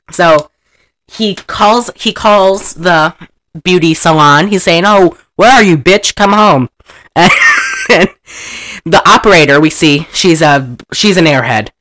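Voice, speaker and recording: Animated man gleefully retelling a movie. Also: fairly high pitch, takes it slowly, pauses often. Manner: animated, profane, laughs often, acts out lines. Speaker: movie recapper. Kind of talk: casual retelling of a film.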